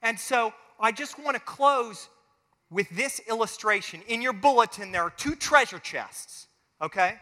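Animated high-voiced pastor in a reverberant hall. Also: male voice, measured pace. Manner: animated, acts out little quoted voices. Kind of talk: family sermon with closing prayer.

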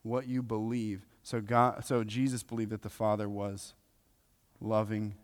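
A man with a fairly low voice delivers a sermon, driving his points home by repeating phrases and shifting between loud bursts and quiet asides. His voice carries the long reverb of a large hall. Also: flat delivery, unhurried. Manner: emphatic, repeats key phrases, swings between loud and soft. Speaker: preacher.

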